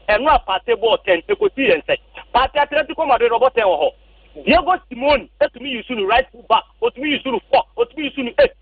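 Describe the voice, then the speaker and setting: A man calling a radio sports show, talking rapidly and emphatically. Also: very high-pitched, no room sound. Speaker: caller. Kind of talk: phone-in opinion. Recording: tinny phone line, distant.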